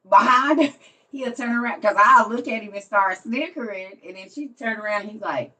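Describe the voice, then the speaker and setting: A woman who hosts a livestream and tells a story in a casual way. She laughs often and swings between soft, quiet lines and loud ones. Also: fairly high pitch, normal speed, recorded from a distance. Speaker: livestream host.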